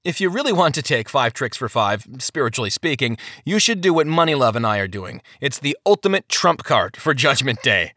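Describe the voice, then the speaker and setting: A man's voice: mid-range voice, big pitch swings, fairly quick, hardly any pauses, sharp tone, no echo, clean studio sound, pitched above the performer's own voice. A man doing a curt, touchy young man. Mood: sly. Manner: curt, irritable.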